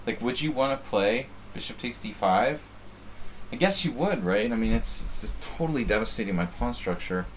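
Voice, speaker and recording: A New Jersey man, USA, provides casual live-stream chess commentary with a medium-pitched, expressive voice at a moderate pace. He thinks aloud, often repeating words as he muses, with slight background noise.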